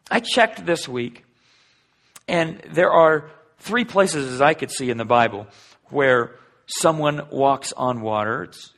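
A man preaching a sermon in a conversational way, asking the listeners rhetorical questions and swinging between loud and hushed delivery. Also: medium pitch, gravelly. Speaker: pastor.

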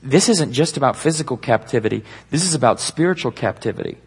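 A man preaching a sermon to a live congregation, with an emphatic, slow, dramatic delivery. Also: medium pitch, expressive, slightly rough.

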